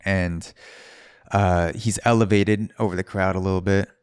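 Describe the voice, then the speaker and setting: A male podcast host tells a loose, meandering story, often restarting his sentences and dropping the odd swear word. His voice sits very low. The sound is dry and close, with no room around it. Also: fairly even intonation, normal speed, clear, resonant tone, no room sound. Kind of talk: casual storytelling.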